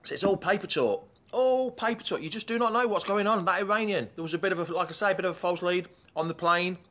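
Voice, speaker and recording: A man's voice: sits high, quick pace, bright, forceful tone. A man hosting a live fan chat show in a chatty, rambling way, breaking off to greet commenters.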